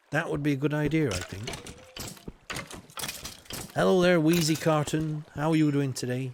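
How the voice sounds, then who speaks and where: A man's voice: on the high side, lively intonation, a little slow, long pauses, background noise. A man streaming a game live, chatting loosely with viewers, greeting them by name and filling his talk with ums and you-knows. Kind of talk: live gameplay commentary.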